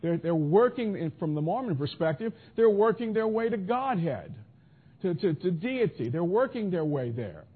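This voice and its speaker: A man's voice: sits high, very animated, moderate pace, husky. A man preaching a sermon in an emphatic style, asking rhetorical questions and answering imagined objections. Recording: tinny phone-like audio.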